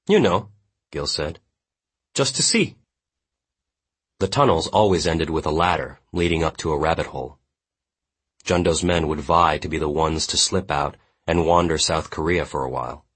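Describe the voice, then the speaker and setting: Very deep, husky male audiobook narrator. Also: fairly even intonation, normal speed, fairly bright tone. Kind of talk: scripted literary narration.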